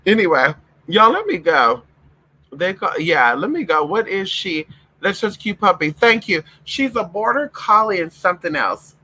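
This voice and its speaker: A man's voice: high-pitched, very animated, moderate pace, sharp tone, poor audio. A man vlogging casually late at night, loose and profane, calling his viewers honey and y'all and cooing at his puppies in between. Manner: coos and scolds his puppies in a playful pet-talk voice.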